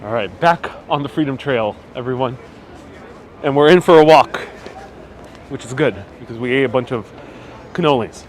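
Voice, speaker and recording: On a casual live stream while walking city streets, a man hosts a tour, reading viewer comments aloud and laughing often between chatty remarks. His mid-range voice moves at normal speed with long pauses and a slightly stuffy nose. Faint outdoor street noise reaches his wireless clip-on mic.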